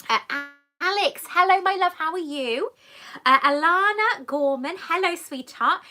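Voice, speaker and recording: Her pitch is extremely high, expressive, and sharp, her pace a little slow, with faint music in the background. She's a British woman streaming a live question-and-answer session from home on a monopod camera mic, affectionately greeting viewers as "love" and "sweetheart."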